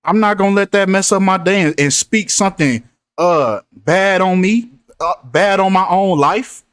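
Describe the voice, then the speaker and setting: A man talking to his viewers in a casual commentary, preachy and repetitive as he drives his points home. His voice sits a little high. The sound is close and dry. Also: moderate pace, fairly bright tone, clear, resonant tone, no room sound. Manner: preachy, repeats himself for emphasis. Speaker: host.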